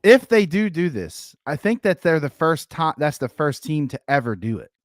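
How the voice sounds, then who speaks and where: A man's voice: fairly high pitch, moderate pace, dry recording, clean studio sound. A man with a Philadelphia accent co-hosting a sports podcast, talking emphatically and swearing a lot in casual chat over a remote call. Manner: animated, profane, emphatic. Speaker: podcast co-host.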